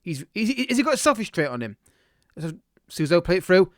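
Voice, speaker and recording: A man, a gaming YouTuber, chats through his own football management game, responding live to the match and restarting his sentences a lot. His voice is a little high, expressive and fairly quick, with studio-quality sound and no echo.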